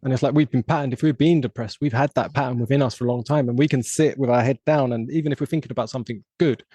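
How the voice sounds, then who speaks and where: Fast-talking English man, mellow tone. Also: medium pitch, fairly even intonation, husky, no echo. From England. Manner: reflective, talks through ideas at length. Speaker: podcast host. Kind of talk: casual podcast conversation.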